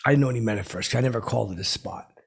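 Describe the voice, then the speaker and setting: A deluded, washed-up comedian, played by a man, rambles through his own podcast from home. His voice is deeply gravelly, with a rough, husky rasp and plenty of fry. He talks in halting, self-important bursts, stalling on fillers and restarting his sentences. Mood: rambling boastful. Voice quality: gravelly and raspy. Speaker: podcast host. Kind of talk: improvised comic character monologue.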